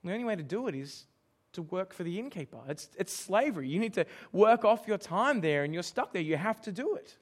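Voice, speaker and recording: A man's voice: high-pitched, lively intonation, a little fast, hardly any pauses. A man preaching a sermon, emphatic and asking his listeners questions. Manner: emphatic, asks the congregation questions.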